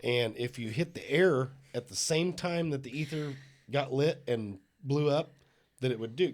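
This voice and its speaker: A man's voice: mid-range voice, a little mellow. Emphatic, swearing man recalling old times. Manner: emphatic, profane, laughs. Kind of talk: casual chat, recounting memories.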